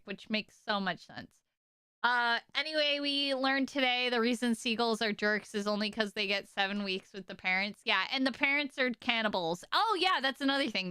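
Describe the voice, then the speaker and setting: A young woman streaming casually to her chat, telling stories in an animated, exaggerated way with lots of "like" and "okay?". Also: a little high, smooth, no echo, clean studio sound.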